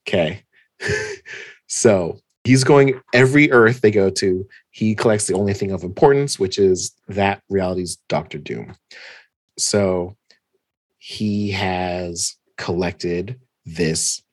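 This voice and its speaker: A man with a low, husky voice recaps a comic story in easygoing podcast chat. He laughs often and loses track of names along the way. He sounds close and dry. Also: slow pace, dry recording.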